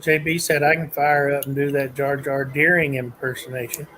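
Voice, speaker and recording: A man's voice: medium pitch, level tone, normal speed, background noise. A man on a casual live stream, stammering as he cracks corny jokes.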